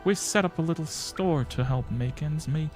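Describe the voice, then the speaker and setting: Chatty cheerful bug cartographer guy, man doing the voice, rambly and friendly, soft game music behind. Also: a little high, normal speed, pitched above the performer's own voice, close to an everyday voice. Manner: friendly, rambling, reading dialogue aloud. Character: cheerful male bug mapmaker, chatty wanderer.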